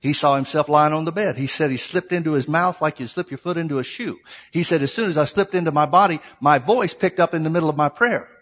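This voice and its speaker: A male pastor preaching a sermon, telling a story and swinging between loud, fervent preaching and quiet asides. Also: fairly high pitch, fast talker. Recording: long hall reverb.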